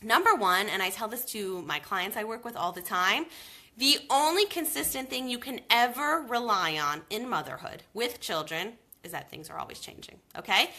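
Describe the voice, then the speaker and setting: A woman's voice: fairly high pitch, a little fast. A woman in her thirties, a baby sleep coach, giving emphatic advice to viewers in a live video question-and-answer. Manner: emphatic, animated advice with lots of "okay?".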